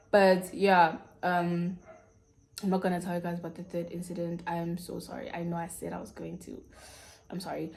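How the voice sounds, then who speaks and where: A woman's voice: lowish voice, a little mellow. Frank South African woman telling a story. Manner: frank, slangy, confiding. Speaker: YouTuber. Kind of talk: candid storytime chat.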